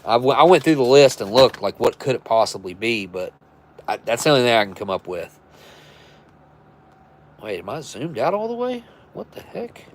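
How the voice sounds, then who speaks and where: A man's voice: medium pitch, lively intonation, moderate pace, long pauses, a little hiss or hum. A man hosting a live stream, chatting casually and rambling as he thinks aloud and corrects himself. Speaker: live stream host reviewing military rations.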